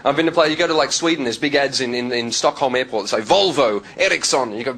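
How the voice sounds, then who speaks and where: An Australian man doing stand-up comedy on a club stage, telling stories with quick character voices. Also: mid-range voice, a little hiss or hum. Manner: lively storytelling, slipping into quick character voices. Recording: live club recording with loud crowd. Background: loud audience laughter.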